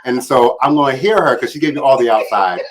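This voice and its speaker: A man's voice: medium pitch, animated, quick pace, slight background noise, poor audio. A man asking questions in a casual podcast chat, playful and teasing.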